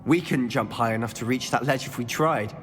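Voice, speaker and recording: A man's voice: mid-range voice, a little fast, fairly bright tone, slight background noise, close to an everyday voice. An actor playing a confident young male wizard student companion in video game dialogue. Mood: encouraging. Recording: game audio with music, long reverb.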